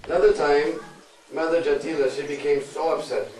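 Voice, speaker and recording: A man guiding a pilgrimage, telling devotional stories in an animated, laughing way with teasing asides. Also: on the high side, brisk. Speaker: pilgrimage guide and storyteller. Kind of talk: devotional storytelling sermon. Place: outdoor pilgrimage group. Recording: distant echoey recording with crowd.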